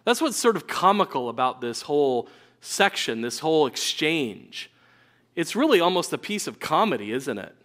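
A man's voice: a little high, big pitch swings, moderate pace, a bit bright. A man preaching a sermon in a conversational way, acting out quotes of biblical figures.

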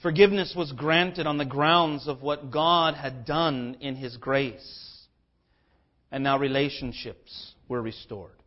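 A man's voice: steady tone, slow. Impassioned male preacher, slightly dull sound. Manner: impassioned preaching with wide swings in pitch and loudness; acts out biblical speakers in a conversational voice. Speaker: pastor. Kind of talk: sermon.

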